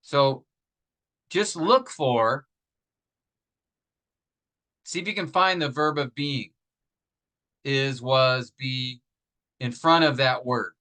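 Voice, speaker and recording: Through a rough recording, a man with a medium-pitched, pushed and bright voice explains grammar to his class step by step, posing rhetorical questions. His patient delivery is full of fillers and restarts, and he slows down to emphasize example phrases.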